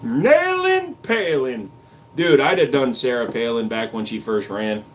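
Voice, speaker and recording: This male streamer reads chat messages out loud and answers them with crude jokes and relaxed talk about guns. His voice sits mid-range at a normal speed, with a little hiss or hum in the audio.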